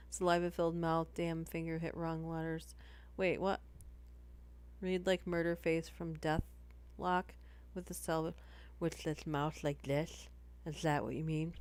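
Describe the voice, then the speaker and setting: A woman's voice: low voice, little pitch movement, a little slow, pauses often, clean tone. A woman streaming, chatting casually between horror story readings, giggly and full of "like". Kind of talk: casual livestream chat.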